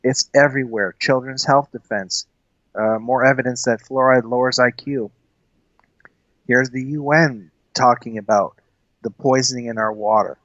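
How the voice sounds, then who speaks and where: A man's voice: medium pitch, fairly even intonation, moderate pace, fairly bright tone, dry recording, highs cut off. A man co-hosting a casual film discussion, talking earnestly with many fillers and restarts. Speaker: podcast co-host.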